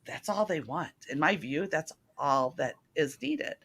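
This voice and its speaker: A middle-aged woman hosting a casual spiritual talk show, speaking in an earnest, animated, chatty way. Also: deep voice, unhurried, breathy edge.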